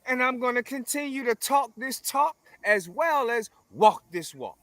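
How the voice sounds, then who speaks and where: Interview guest, male, high and bright, forceful and profane, builds phrases like a preacher. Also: animated, unhurried, no echo. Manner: forceful, emphatic, preaching cadence with repeated phrases; profane, blunt. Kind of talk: confrontational conversational interview.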